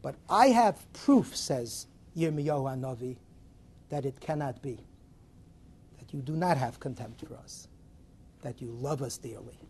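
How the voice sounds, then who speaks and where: Man giving a torah class, husky raspy voice, lively up and down delivery. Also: mid-range voice, a little slow, pauses often. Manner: animated, dramatic rises and drops. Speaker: Torah teacher. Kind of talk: Torah lecture with a parable.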